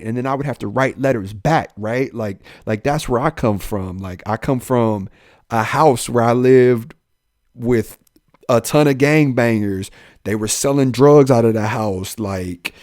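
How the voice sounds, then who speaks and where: A young adult man, a police officer, telling his own life story in an animated way, jumping up in pitch when he quotes people. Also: no room sound, clean studio sound. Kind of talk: personal storytelling in a podcast talk.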